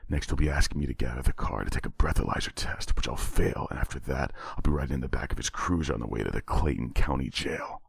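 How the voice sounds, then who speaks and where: A man's voice: extremely low pitch, a little slow, dry recording, heavily acted. A man voicing a nervous, slightly drunk young man who talks himself through a traffic stop. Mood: despairing. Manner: anxious, talks himself into calm.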